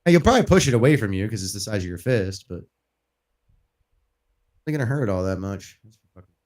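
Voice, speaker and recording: A man's voice: lowish voice, expressive, a little fast, a little mellow. A man streaming a video game, chatting casually in a rambling, profane way and laughing often. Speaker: gaming streamer. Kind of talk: casual let's-play commentary.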